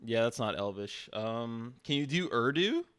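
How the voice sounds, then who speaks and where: A man streaming, teasing an AI in casual banter, deadpan and stammering. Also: mid-range voice, a little slow, clear, resonant tone.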